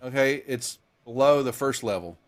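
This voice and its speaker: A man running a tabletop game as game master, chatty and relaxed, laughing easily. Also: medium pitch, normal speed, a crowd in the background.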